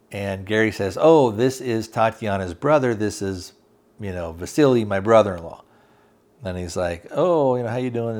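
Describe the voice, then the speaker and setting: Rambling man recapping a TV episode. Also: fairly low pitch. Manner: rambling, halting, many fillers, acts out quotes loosely. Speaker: podcast host reviewing a TV series. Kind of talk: casual recap, plot retelling.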